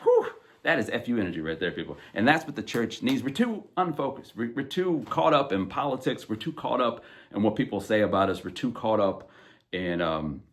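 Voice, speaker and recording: A man with a somewhat low voice talks about faith as a podcast host. His delivery is emphatic and conversational, full of fillers and asides to his listeners. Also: animated, a little fast, a little hiss or hum. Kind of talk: casual faith commentary.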